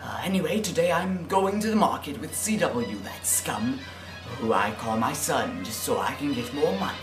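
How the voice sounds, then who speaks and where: A young man playing a greedy, contemptuous oil salesman in a student film, pompous and given to furious yelling. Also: mid-range voice, expressive, normal speed, echoey room, close to an everyday voice. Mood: smug. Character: greedy, cruel male oil salesman who bicycles. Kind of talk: amateur student film acting. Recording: background music under the voice.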